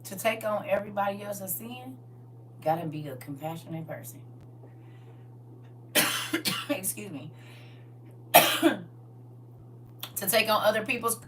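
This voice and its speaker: Bright-voiced woman preaching from afar. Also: fairly low pitch, expressive, measured pace, long pauses, a little hiss or hum. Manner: conversational, call-and-response with congregation. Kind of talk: sermon. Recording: voice from far off the mic.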